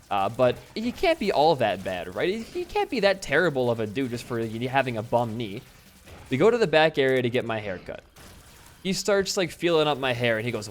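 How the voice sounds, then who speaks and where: Lively young man rambling over gameplay. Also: mid-range voice. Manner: rambling, swears freely, jumps between story and game. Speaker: gaming YouTuber. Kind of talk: storytelling while playing a game.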